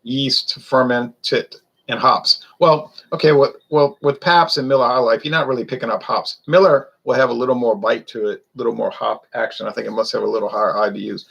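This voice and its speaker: A man's voice: medium pitch, steady tone, fairly quick, gravelly, a bit bright, breathy edge, highs cut off. A man, chatting loosely and rambling through a casual beer review. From Louisiana. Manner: rambling, chatty, wanders off topic.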